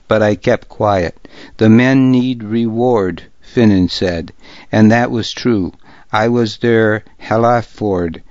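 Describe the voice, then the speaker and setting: A man reading a first-person audiobook in a measured, grave manner, close to the mic in a dull, lo-fi recording. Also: lowish voice, darkish tone, dry recording. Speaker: audiobook narrator. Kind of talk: first-person scripted narration.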